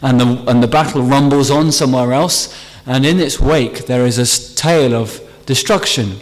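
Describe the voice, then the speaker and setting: A man's voice: medium pitch, moderate pace. A man preaching a sermon earnestly, stressing key phrases as he explains a psalm. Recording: long hall reverb.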